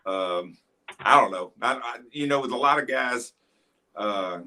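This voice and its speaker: Hesitant guest with a bright tone. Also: male voice, unhurried, rough recording. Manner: hesitant, rambling, low-key. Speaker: guest YouTuber. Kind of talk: casual live podcast chat.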